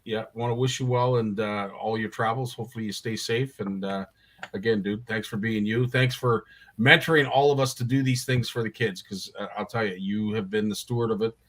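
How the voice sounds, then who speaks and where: A man's voice: fairly low pitch, fairly even intonation, a little fast, fairly bright tone. A man hosting a live show, talking in a friendly, encouraging, casual way. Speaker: host.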